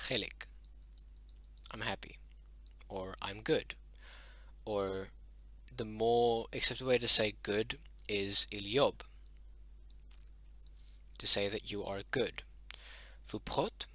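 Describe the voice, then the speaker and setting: A young man casually explaining a language as a hobby lesson, halting often with fillers and correcting himself as he goes. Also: on the low side, fairly even intonation, sharp tone, no echo. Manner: halting, many fillers and self-corrections, mutters "oh, damn".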